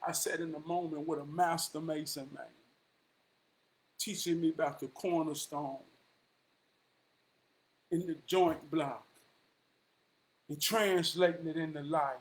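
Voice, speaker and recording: High-voiced man giving street-wise advice. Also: fairly even intonation, measured pace, pauses often. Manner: drawling, calls listener "man" often. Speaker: vlogger. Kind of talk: rambling motivational monologue.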